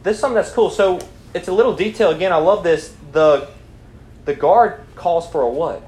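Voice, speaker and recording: A man's voice: sits high, brisk, darkish tone. A young man leading a Bible study, preaching animatedly, asking the group questions and reading scripture aloud. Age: young adult. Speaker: student Bible study leader. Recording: echoey room, faint background noise.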